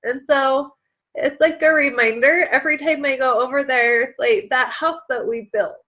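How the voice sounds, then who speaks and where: A woman's voice: high voice, fairly even intonation, moderate pace, bright, forceful tone, muffled recording. A woman in her thirties leading a motivational team call, chatty and emotional, with lots of fillers. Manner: emotional, tearful at times, chatty with many fillers. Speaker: team leader on a sales call.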